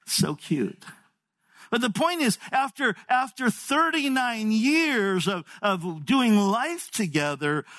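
Older male pastor, 60s, high voice, folksy sermon storyteller who repeats words. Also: fairly bright tone.

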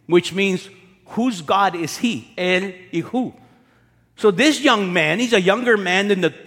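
A male pastor with a high voice preaches a sermon, speaking in an easy, conversational way. He keeps asking his listeners rhetorical questions. His voice rings with the long reverb of a large hall. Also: fairly bright tone.

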